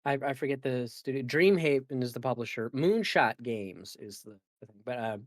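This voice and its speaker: A man's voice: mid-range voice, lively intonation, moderate pace, no room sound. A man hosts a casual gaming podcast in an ordinary mid-range voice. He rambles, fills gaps with "like" and "um" and corrects himself mid-sentence. The sound is dry and close. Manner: rambling, filler-heavy and self-correcting. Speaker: podcast host.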